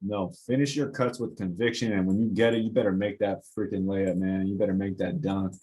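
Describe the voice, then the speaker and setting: A young man, a basketball trainer, casually talking through game footage, getting animated and exasperated as he goes. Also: sits low, brisk, poor audio. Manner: animated, gets worked up and exasperated. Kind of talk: casual film-breakdown commentary.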